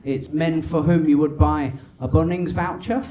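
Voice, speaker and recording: A male stand-up comedian, animated and swearing, on a comedy club stage. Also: on the high side, normal speed. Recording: live club with crowd laughter.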